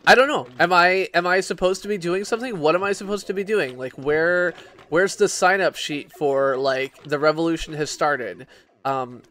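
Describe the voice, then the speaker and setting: Man, drunk, rambling game-stream chat, sweary, fairly high voice. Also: a bit bright. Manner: rambling, swearing, many restarts and fillers. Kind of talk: casual rambling chat while gaming.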